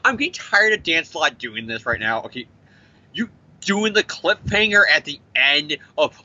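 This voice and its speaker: A man's voice: a little high, sing-song, normal speed, pushed and bright, highs cut off. A man co-hosting a comic book podcast, ranting in a profane, jokey way about the story. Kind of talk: casual comic review chat.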